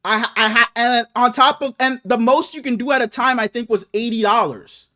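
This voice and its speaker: A young man with a notably high voice, chatting on a podcast as co-host. He tells stories animatedly and swears a lot, his speech loose and unscripted. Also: a little fast. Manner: animated, profane storytelling with acted quotes. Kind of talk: casual chat, storytelling.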